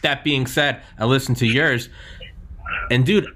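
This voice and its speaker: Speaking a little slowly, this man in his thirties has a medium-pitched voice that's bright and forceful in tone. He hosts a podcast and chats casually, rambling loosely and leaning heavily on "like" and "man".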